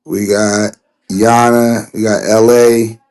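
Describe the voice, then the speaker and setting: A man co-hosting a casual livestream, his voice hoarse, talking in an easygoing, slangy way with short affirmations. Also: fairly low pitch, little pitch movement, slow pace, a little mellow. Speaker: co-host and coach.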